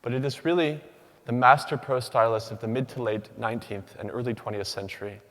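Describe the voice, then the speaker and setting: Measured man speaking in a hall. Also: medium pitch, fairly even intonation, fairly bright tone. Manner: rhythmic, measured delivery with deliberate pauses. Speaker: doctoral student speaker. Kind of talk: rehearsed academic talk. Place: large hall. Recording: long hall reverb.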